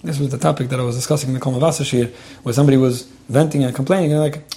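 A man giving spoken advice on relationships, stuttering over his sentence starts and filling pauses with "um". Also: mid-range voice, fairly even intonation, dark tone. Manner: rapid, repeats words when starting sentences, lots of "um". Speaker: advice speaker answering a listener's question. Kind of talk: advice talk.

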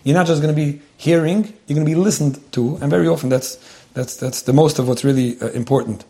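A man's voice: a little high, fast, dark tone. A man giving earnest, conversational marriage advice to a couple.

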